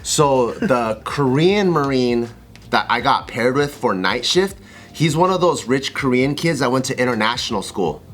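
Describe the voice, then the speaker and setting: Male guest, mid-pitched, relaxed storyteller with a profane, laughing delivery. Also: measured pace. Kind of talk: casual storytelling.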